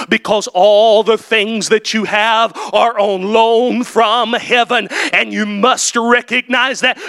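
A man preaching with a very high, bright, forceful voice. He climbs through repeated lines into full shouts, then sinks to a hushed tone and asks the congregation questions. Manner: builds to impassioned shouted climaxes, then drops to quiet; rhetorical questions and repeated refrains. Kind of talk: sermon.

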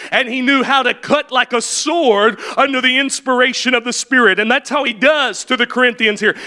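A man preaching a sermon to his congregation, slowing down and raising his voice to stress key points. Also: very high voice, pushed and bright, poor audio. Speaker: pastor. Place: church room with a congregation.

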